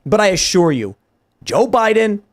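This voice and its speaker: A man hosting a political talk show, arguing in an emphatic, rapid way. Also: high-pitched, sing-song. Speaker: host. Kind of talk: casual political chat.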